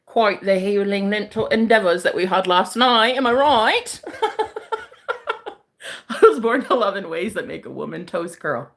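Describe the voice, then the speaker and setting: A brash woman talks in casual chat, teasing and joking between frequent bursts of laughter. Her voice has a gravelly edge. It swings widely in pitch as she talks. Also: animated, unhurried. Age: adult, married eight and a half years. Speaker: psychic streamer.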